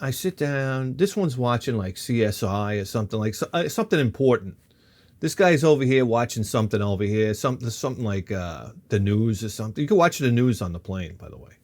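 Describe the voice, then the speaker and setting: Rambling, animated man in his fifties. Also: mid-range voice, fairly quick. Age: 50s. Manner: animated, swears freely, jumps between tangents. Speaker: vlogger. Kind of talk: rambling comic storytelling.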